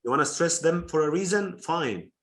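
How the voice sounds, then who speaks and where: A man's voice: fairly high pitch, lively intonation, moderate pace, fairly bright tone. A man teaching an online class over a video call, explaining patiently step by step and repeating key terms.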